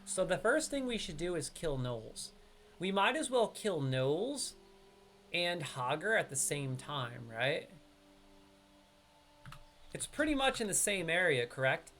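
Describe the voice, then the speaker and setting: A man's voice: a little high, very animated, takes it slowly, long pauses, a bit bright, a little hiss or hum. A man with a New York accent giving live gameplay commentary, chatting straight to his viewers. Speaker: streamer.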